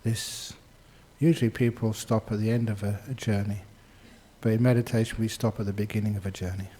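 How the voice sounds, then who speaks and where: A man leading a guided meditation, soft and unhurried, often dropping into a whisper, with gentle humor. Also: fairly low pitch, fairly even intonation, breathy edge. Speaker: meditation teacher.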